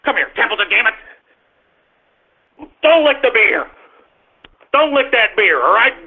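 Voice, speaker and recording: A man's voice: very high voice, big pitch swings, unhurried, slightly rough. A male talk radio host, exasperated and swearing, rambling with restarts through a live on-air rant from his office. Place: home office. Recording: tinny phone-like radio stream.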